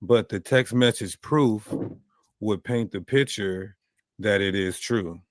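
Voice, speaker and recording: A low-voiced man talks in a measured, hedging way, stammering and repeating himself. His voice sounds dry and close, with no room echo. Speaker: speaker in a played clip. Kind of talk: measured discussion.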